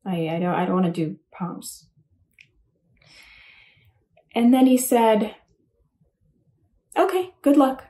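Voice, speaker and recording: Woman rambling thru a graduation speech, lots of ums, mellow low-key tone. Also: takes it slowly, long pauses. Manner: rambling, self-deprecating, chatty with many fillers. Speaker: commencement speaker. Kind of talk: casual speech. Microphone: home recording for a virtual address.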